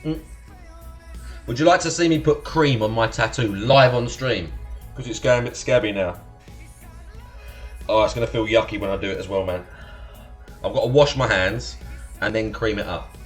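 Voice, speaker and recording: A young man from Essex hosts a live stream in his estuary accent, laughing often, swearing casually and thanking those who follow. He speaks at normal speed in a fairly low voice and pauses often, while soft music plays underneath.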